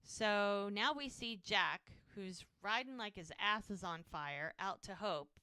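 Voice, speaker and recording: A woman's voice: mid-range voice, slow pace, sharp tone, clean tone, no room sound, studio quality. A woman co-hosting a podcast, casually recapping a TV episode and acting out the characters' lines as she retells scenes. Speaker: podcast co-host.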